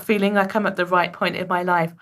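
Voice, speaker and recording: A woman in her forties hosting a podcast, speaking softly and reflectively, with many "you know"s as she shares a personal story. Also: fairly low pitch, flat delivery, fairly quick. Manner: soft-spoken and reflective, with frequent fillers. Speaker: podcast host.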